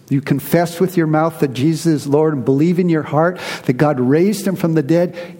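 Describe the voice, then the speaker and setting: A pastor preaching a sermon to his congregation, earnest and emphatic, slowing down to stress key words. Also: on the high side, warm tone, husky. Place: church. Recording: reverberant hall.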